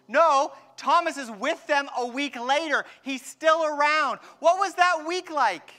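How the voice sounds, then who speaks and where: High, bright-voiced male preacher. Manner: animated, acts out dialogue, slows down for emphasis. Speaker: pastor. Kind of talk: sermon.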